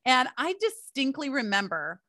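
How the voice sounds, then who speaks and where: A woman's voice: high voice, sing-song, normal speed, pushed and bright, dry recording, studio quality. A middle-aged woman hosting a solo podcast, telling personal stories in a chatty way and calling her listeners "you guys". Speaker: podcast host.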